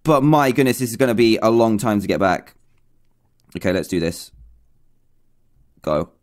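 A young man from England doing let's-play commentary, talking to himself nonstop in an excitable, panicky way. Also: on the low side, normal speed. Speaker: gaming YouTuber.

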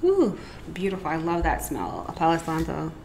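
A woman's voice: deep voice, wildly swooping pitch, moderate pace, darkish tone, slight background noise. Chatty woman reading tarot cards. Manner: chatty, rambling, fillers and asides. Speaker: tarot reader. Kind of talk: casual pick-a-card tarot reading.

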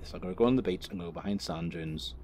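A man with a deep, darkish voice races through casual gameplay commentary for his gaming channel, with slight background noise. He's telling a long, swear-filled, rambling story. He often corrects himself and laughs while talking.

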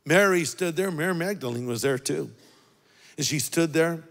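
A man preaching a sermon as pastor, talking conversationally, dropping low for quoted words and rising for emphasis. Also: moderate pace, creaky, fairly bright tone. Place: large church auditorium. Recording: long reverb of a large hall.

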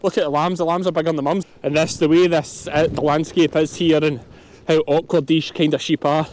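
This farm vlog comes from a Scottish sheep farmer and channel host standing on a stormy, windswept hill, talking to his viewers while handling his dogs. He speaks fairly quickly in a slightly high, somewhat mellow male voice with a flat delivery.

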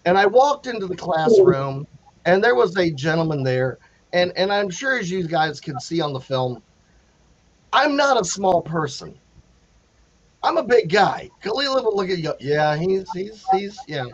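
Animated storytelling man, high voice. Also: normal speed, no room sound, lo-fi sound. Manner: animated, acts out quotes, many restarts. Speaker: panel guest telling a story. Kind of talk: casual storytelling.

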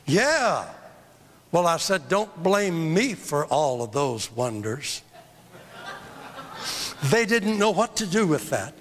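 An older man preaching a sermon, emphatic and drawn out, with big swings in pitch. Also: very animated, slow, long pauses, a bit bright, a little hiss or hum. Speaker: evangelist preacher. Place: church. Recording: long hall reverb from a church.

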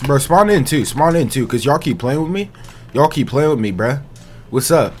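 A man's voice: mid-range voice, expressive, moderate pace, faint music behind. A young man trash-talking and taunting opponents in casual commentary over online gameplay. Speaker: gaming streamer.

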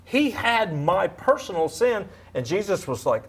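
A man in his fifties sharing a lively faith testimony as a guest, acting out quotes as he tells it. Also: high voice, measured pace, breathy edge. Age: 50s. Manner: animated, storytelling, acts out quotes. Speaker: guest speaker. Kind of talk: faith testimony in a talk show.

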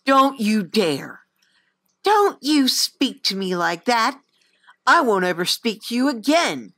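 A woman voicing a flustered, stubborn young man on guard duty who talks in a low, hushed mutter. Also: expressive, slow pace, no echo, full character voice. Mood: furious.

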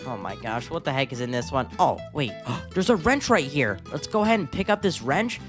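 A man giving excitable gameplay commentary, gasping at scares and calling the viewers dude. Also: medium pitch, a little fast, music in the background. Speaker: gaming YouTuber.

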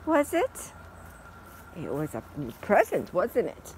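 Woman cooing in lively baby talk. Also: slow, a little hiss or hum. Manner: high sing-song baby talk to her dog. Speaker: dog owner vlogger. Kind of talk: casual vlog talking to her dog. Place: outdoors in a yard.

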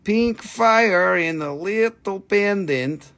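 A man pitching stones on a live stream with quick, joking sales patter. His voice sits a little high and has a gravelly fry, and he keeps slipping into a put-on quirky accent. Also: expressive, a bit bright. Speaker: live stream gem seller.

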